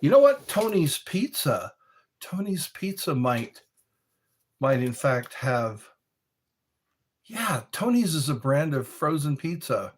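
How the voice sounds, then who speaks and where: A man chatting casually as a streamer, reading questions aloud and riffing on them. He talks slowly with a husky edge and a lively, wide-ranging pitch. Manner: rambling, jokey, reads questions aloud and answers them. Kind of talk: casual chat.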